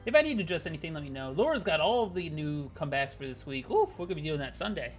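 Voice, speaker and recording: Casual male streamer, swears a lot, bouncy high voice. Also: sing-song, fast, faint music behind. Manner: rambling, swears freely, talks to chat. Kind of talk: casual live-stream gaming chat.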